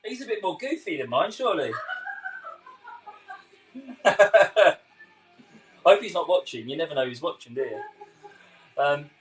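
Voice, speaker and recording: Soft music plays behind a young London-accented chef who talks fast and expressively in a voice on the high side. The recording is low quality, and he keeps chatting, laughing and answering comments from viewers of his live cooking stream.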